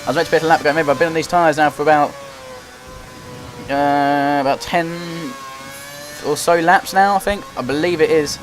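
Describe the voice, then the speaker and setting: Young man giving excited racing game commentary. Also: a little high, fairly quick, pauses often. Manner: excitable, running play-by-play. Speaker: gaming commentator. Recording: loud game music behind the voice. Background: game music and engine noise.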